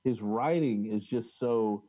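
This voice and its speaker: A man's voice: on the low side, warm tone, dry recording, lo-fi sound. A man co-hosting a casual talk on religious history, reading old accounts aloud with frequent fillers and restarts. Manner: halting, many restarts and fillers, reads quotes aloud. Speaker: podcast co-host.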